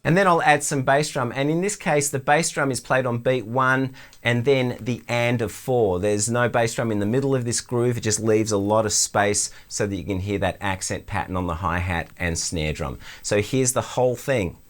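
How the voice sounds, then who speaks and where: A middle-aged Australian man teaching drums, explaining stickings in a relaxed way. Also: medium pitch, moderate pace. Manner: relaxed, explanatory, counts in before playing. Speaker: drum teacher. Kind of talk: instructional demonstration.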